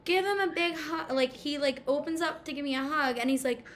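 A woman's voice: high-pitched, a little fast, background noise. A young woman animatedly telling a story in casual chat, acting out the dialogue. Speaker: storyteller guest.

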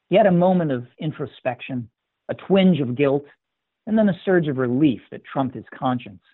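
A man narrating a scripted story in a measured, even manner. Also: mid-range voice, slightly rough, no room sound. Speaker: story reader. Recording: tinny dry phone-like sound.

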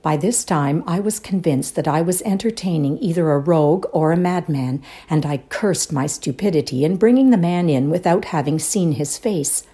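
A woman performing a dramatic reading of a ghost story, hushed and suspenseful, often dropping to a whisper. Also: sits low, normal speed, hardly any pauses. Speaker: reader in a readers' theatre show.

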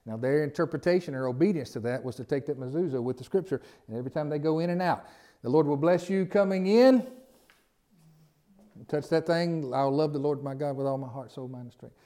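A man's voice: medium pitch, fast talker, hardly any pauses, warm tone. A man with a Southern US accent preaching a sermon as pastor, in a folksy, conversational way with repeated phrases and asides.

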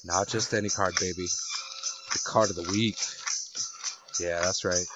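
A man with a cold voicing a slow, sultry, deep-voiced male crooner with a put-on Southern accent. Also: fairly even intonation, lo-fi sound, loud music behind the voice. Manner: slow drawling sultry delivery. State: has a cold.

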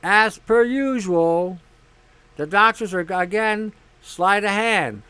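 A man hosts a casual monologue in a high, smooth, clear voice. He talks bluntly, swears freely and leans on sarcasm. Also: slow, pushed and bright. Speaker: host.

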